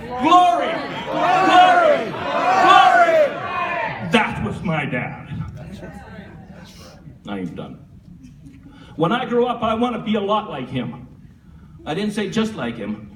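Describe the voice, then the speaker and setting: A man giving a humorous eulogy for his father at a church memorial, a lively storyteller who chuckles often. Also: on the high side, measured pace, pauses often, crowd noise. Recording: echoey hall from far off with faint room noise.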